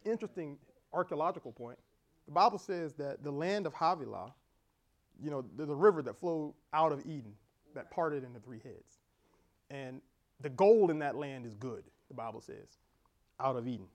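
Animated man preaching a lively sermon. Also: a little high, moderate pace. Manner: animated preaching with laughter and quoted dialogue. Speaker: pastor.

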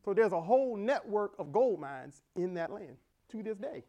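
A middle-aged pastor delivers a sermon in a slightly high voice. He preaches with animated energy, laughing along and acting out quoted exchanges. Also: normal speed.

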